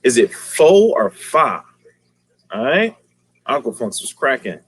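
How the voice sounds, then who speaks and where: Dude running a fish tank livestream, slangy, shouting out viewers and laughing a lot. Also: male voice, mid-range voice, sing-song, moderate pace, breathy edge. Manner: slangy, greets viewers by name, laughs often. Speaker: aquarium livestream host. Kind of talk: casual livestream chat.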